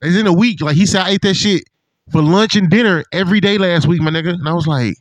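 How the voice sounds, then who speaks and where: A man in casual chat with a friend, an animated, profane storyteller who acts out what others said. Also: sits high, fast, no echo. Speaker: podcast co-host.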